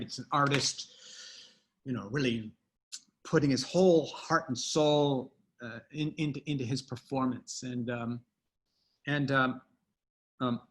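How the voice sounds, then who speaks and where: A man who wrote a book, from the United States, answering at length in an interview with emphatic pauses and restarts. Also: medium pitch. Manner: emphatic, drawn-out, many restarts. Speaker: podcast guest, author.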